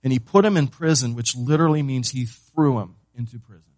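A pastor preaching a sermon to his church, moving between loud emphasis and hushed, low delivery, and asking the congregation questions he then answers. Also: brisk, no room sound. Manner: asks the congregation questions and answers them himself.

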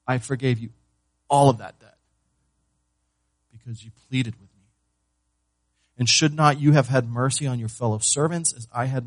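A pastor preaching a sermon to his church, moving between loud emphasis and hushed, low delivery, and asking the congregation questions he then answers. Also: dry recording. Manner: asks the congregation questions and answers them himself.

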